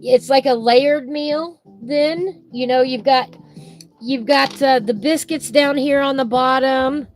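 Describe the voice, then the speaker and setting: A slightly high-voiced woman talks on a live stream while she colors at home. She rambles in a folksy, homey way and drifts between topics. Soft music plays behind her.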